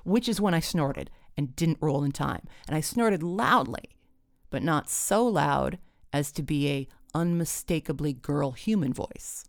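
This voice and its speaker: A woman telling a comic personal story with wry, deadpan timing. Her voice is low and gravelly. The recording is close and dry. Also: measured pace, no echo.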